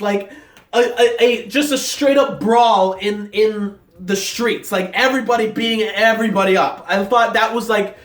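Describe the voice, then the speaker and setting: A young man excitedly rambling through an episode reaction, full of fillers and restarts. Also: high-pitched, moderate pace. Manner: rambling, filler-heavy talk, many restarts; excited, hyped. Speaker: anime reviewer. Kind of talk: casual episode reaction vlog. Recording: echoey room, mic set at a distance.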